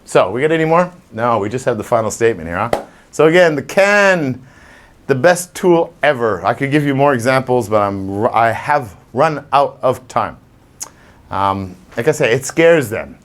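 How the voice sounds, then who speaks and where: Speaking at a moderate pace in a medium-pitched voice, this man trains dogs and talks casually to a live crowd. His delivery is lively, with scenes acted out in small voices.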